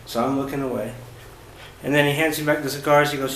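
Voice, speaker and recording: Faint ambient hum and roomy echo surround a medium-pitched travel vlogger as he relates his own travel experience. His talk is easygoing and rambling, often stalling on fillers and sentence restarts.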